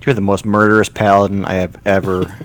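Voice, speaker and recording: A man's voice: lowish voice, level tone, a little fast, slight background noise. A man playing a tabletop game, talking in a polite, careful way. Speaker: player. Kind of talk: casual game talk.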